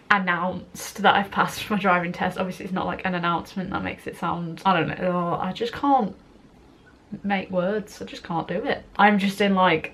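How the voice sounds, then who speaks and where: A young woman talks straight into a compact camera held close, chatty and rambling. Her voice sits at a middling pitch, casual and easygoing, with frequent laughs. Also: a little hiss or hum. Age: young adult. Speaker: vlogger. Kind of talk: casual vlog talk to camera.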